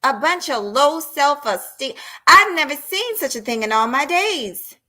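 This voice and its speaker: A woman in unloads a heated rant on her live stream. Her voice is bright and a touch high, and she is blunt and profane. She is confrontational, talking straight at her audience. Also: very animated, measured pace.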